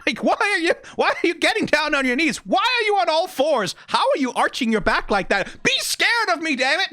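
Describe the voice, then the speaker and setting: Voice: extremely high pitch, sing-song, fairly quick, pushed and bright, voice pushed up, full character voice. A Danish-accented streamer putting on the voice of a frustrated werewolf who is trying to be scary. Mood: exasperated.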